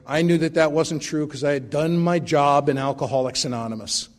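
A man's voice: on the high side, a little fast. A middle-aged man sharing his recovery story at a meeting, with wry, self-mocking humor.

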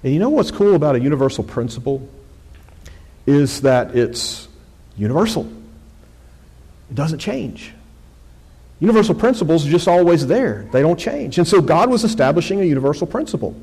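A pastor preaching a conversational sermon, reading scripture aloud with rising force. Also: male voice, a little high, big pitch swings, moderate pace, pauses often, dark tone, slightly rough. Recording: long hall reverb.

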